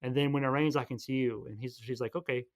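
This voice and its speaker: A man casually retelling a movie plot as a podcast host, rambling and playful, tossing in quick voices for each character. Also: mid-range voice, steady tone.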